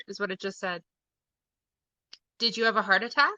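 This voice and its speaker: A woman's voice: mid-range voice, normal speed, sharp tone, dry recording, highs cut off. A woman hosting a live-stream seance, hesitant at times and repeating aloud what she says she hears. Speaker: host leading a live seance.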